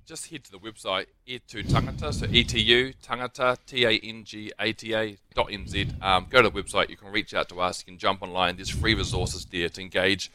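Earnest New Zealand man, low bright voice. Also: fairly even intonation, brisk, hardly any pauses, slight background noise. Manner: earnest and heartfelt. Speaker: guest. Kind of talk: radio interview.

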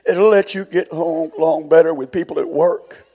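A man preaching with a gravelly, husky edge to his voice. His pitch sits high, and he swings between quiet, low stretches and shouted, soaring calls to the congregation. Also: fairly even intonation, normal speed. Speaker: pastor. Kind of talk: sermon.

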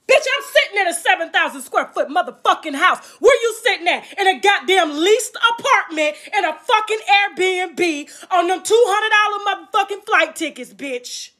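A woman's voice: extremely high pitch, lively intonation, normal speed, hardly any pauses, bright, forceful tone. A woman hosting her own livestream, delivering a crude, taunting rant with mocking laughter. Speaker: livestream host.

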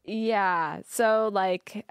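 A young woman talks as a podcast guest, her speech loose and candid, peppered with "like" and easy laughter. Her voice is mid-pitched and recorded close and dry. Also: drawn-out words, smooth, no room sound. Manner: casual, filler-heavy with frequent "like", laughs often. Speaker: podcast guest, former streamer. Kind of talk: candid interview chat.

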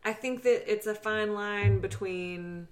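A woman co-hosting a podcast in casual chat, talking in quick ironic asides. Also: mid-range voice. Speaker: podcast co-host.

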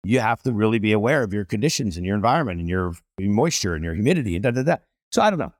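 Energetic man with lively pitch swings. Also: rapid-fire, dry recording, clean studio sound. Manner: energetic, emphatic storyteller. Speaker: celebrity chef guest. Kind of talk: casual conversation.

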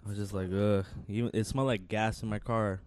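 Low-voiced blunt man. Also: fairly even intonation, fairly quick, a little mellow, smooth. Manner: blunt, says "bro" and "dude". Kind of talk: casual chat.

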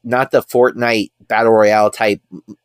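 In a dry, clean studio recording, a man with a fairly low, level voice speaks at a normal pace. He's a podcast co-host chatting casually, rambling with plenty of fillers and gushing about films.

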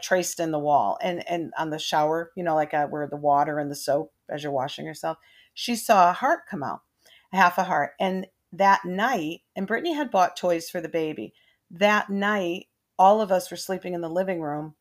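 A middle-aged woman, a mother, telling family ghost stories in a rambling, casual way, with many restarts and quoted voices. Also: on the low side. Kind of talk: casual storytelling.

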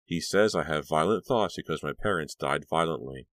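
A man's voice: very deep voice, normal speed, a bit bright, no room sound, clean studio sound. A man voicing a frantic teenage girl haunted by violent visions, screaming and pleading.

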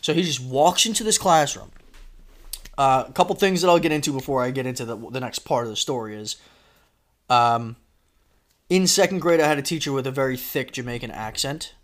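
A man hosting a casual podcast chat, telling a story with lively acted-out quotes. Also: mid-range voice, a little fast. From Florida. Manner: animated, acts out shouted quotes. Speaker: podcast host.

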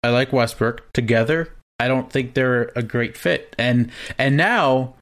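A man's voice: medium pitch, measured pace, a bit bright. A young man co-hosting a podcast, chatting casually and rambling a little with restarts. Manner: laid-back, rambling with restarts. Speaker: podcast co-host. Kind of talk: casual chat.

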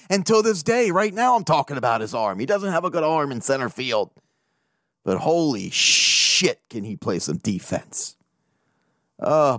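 A man hosting a casual sports talk podcast, animated and profane, laughing often as he rants. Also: mid-range voice, no echo, clean studio sound. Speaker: podcast host.

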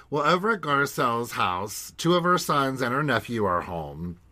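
A man's voice: mid-range voice, sing-song, moderate pace, sharp tone, no room sound. A man co-hosting a podcast, chatting playfully while recapping a reality TV episode. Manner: chatty, playful, slips into quoting voices. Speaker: podcast co-host.

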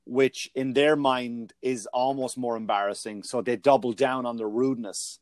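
Male comic host, casual and profane, mid-pitched, dry close mic. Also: moderate pace, no echo. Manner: profane, animated storytelling. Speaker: podcast host, comedian. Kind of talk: casual chat.

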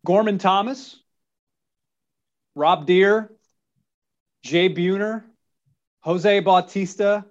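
A man hosting a casual interview, asking questions in a relaxed way and reading out lists. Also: sits high, very slow, pauses often, lo-fi sound. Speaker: podcast host.

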